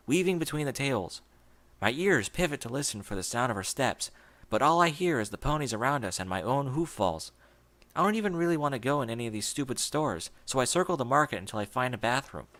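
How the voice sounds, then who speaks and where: A man reading fan fiction aloud in the first person, with an emotional, expressive delivery. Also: medium pitch. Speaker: audiobook reader.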